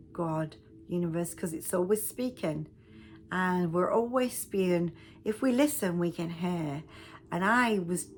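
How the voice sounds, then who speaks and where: A self-help speaker, a woman with a low, slightly mellow voice, tells a personal story in a casual, rambling way, often restarting her sentences. There's a little background noise.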